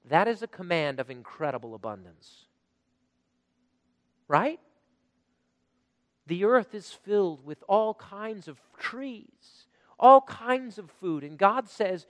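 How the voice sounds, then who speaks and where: A man's voice: sits high, sing-song, takes it slowly, pauses often, fairly bright tone, long reverb tail. A pastor preaching a sermon to his congregation with dynamic delivery, asking them rhetorical questions.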